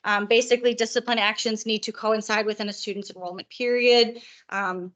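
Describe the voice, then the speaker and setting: A hoarse woman presenting at a conference, explaining in a chatty way with joking asides. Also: on the high side, steady tone, fairly quick, a bit bright. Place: conference room.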